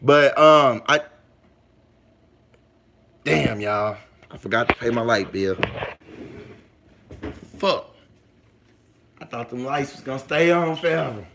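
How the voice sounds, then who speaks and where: A man's voice: mid-range voice, expressive, takes it slowly, vocal fry, pauses often, a bit bright, a little hiss or hum. A man hosting a casual livestream, reading out chat comments and talking straight to viewers in a loose, slangy way, repeating points for emphasis.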